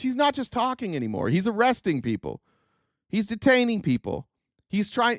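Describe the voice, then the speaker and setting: A man's voice: sits high, no echo, clean studio sound. A man hosting a political commentary stream, ranting in a mocking, profane, heated way.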